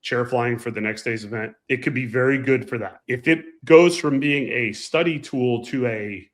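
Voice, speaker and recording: Animated man telling pilot stories. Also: medium pitch, moderate pace. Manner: animated, emphatic anecdotes. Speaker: podcast co-host and pilot. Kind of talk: casual chat, storytelling.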